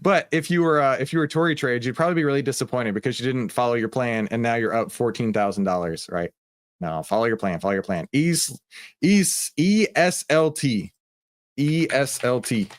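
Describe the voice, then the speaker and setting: A man's voice: mid-range voice, animated, moderate pace. A man hosting a live trading stream, chatting casually and joking with viewers in the chat.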